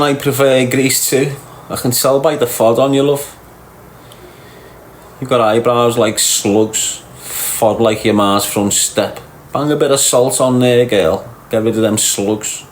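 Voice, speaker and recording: A middle-aged man with a Liverpool accent hosts a livestream, reading viewers' chat comments aloud and bantering with them in a teasing, crude, slangy way. His voice is mid-range and slow, with a little hiss or hum on the recording.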